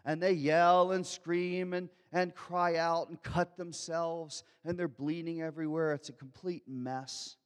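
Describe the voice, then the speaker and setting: High-voiced preacher man in a reverberant hall. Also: steady tone, a little slow, hardly any pauses, smooth. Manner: dynamic preaching, acting out quotes, swinging from loud to hushed. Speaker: pastor. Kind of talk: sermon.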